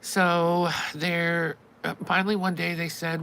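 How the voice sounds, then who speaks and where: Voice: mid-range voice, moderate pace, vocal fry, few pauses, pushed and bright, a little hiss or hum, poor audio. A channel host telling a long story in casual live-stream chat, acting out both sides of each conversation with wry exasperation.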